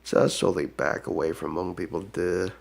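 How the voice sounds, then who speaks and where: A man's voice: sits low, steady tone, moderate pace, gravelly. A man in a rambling, repetitive monologue, taunting and tacking "duh" onto his lines. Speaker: self-proclaimed shaman.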